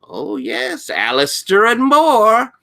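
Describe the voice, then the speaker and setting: A game master voicing an excitable older male librarian who is fascinated by the occult. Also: medium pitch, slow pace, gravelly, voice pushed up, exaggerated voice. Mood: eager. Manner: fluttery, breathless with fascination.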